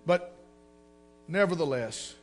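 A man preaching a sermon with fervor, his voice climbing into shouts. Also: on the high side, animated, takes it slowly, soft background music. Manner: fervent, rising to shouts.

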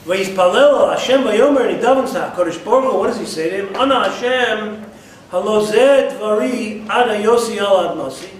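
High-voiced man teaching Bible text, echoey room. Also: expressive, normal speed, slight background noise. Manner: explains Hebrew verses in English, rising emphatically when voicing the prophet. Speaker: Torah teacher. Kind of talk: text-based Bible class. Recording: distant mic in an echoey room.

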